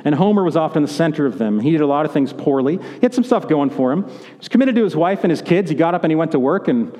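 A man's voice: on the high side, lively intonation, quick pace, warm tone. A man preaching a sermon as pastor, conversational and joking, in a church sanctuary. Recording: echoey hall.

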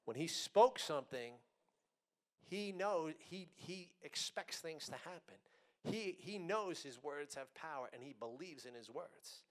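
A male preacher gives a sermon in a fairly high voice. He slows down to stress key words. His delivery swings between loud, forceful passages and quiet asides. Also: animated.

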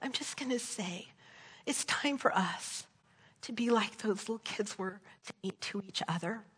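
Husky-voiced woman preaching in a hall. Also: mid-range voice, a little slow, a bit bright. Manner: earnest storytelling, tags with "right?". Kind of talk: sermon with closing prayer. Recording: long hall reverb.

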